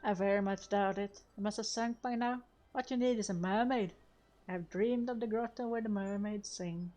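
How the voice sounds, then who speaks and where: A woman voicing a gruff middle-aged male fisherman in a game, with a loose put-on accent. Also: mid-range voice, moderate pace, warm tone, close to an everyday voice, rough recording. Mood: grumbling. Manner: grumbling, put-on vague accent.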